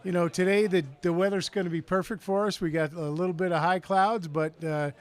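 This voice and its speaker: High-voiced man giving halting commentary. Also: steady tone. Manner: halting, many fillers and restarts. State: short on sleep. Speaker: co-host, launch official. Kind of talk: live event commentary.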